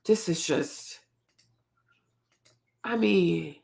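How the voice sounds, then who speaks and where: A woman's voice: on the low side, very slow, vocal fry, darkish tone. A woman hosting her own show, talking straight to her viewers in outspoken, indignant casual commentary. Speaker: host.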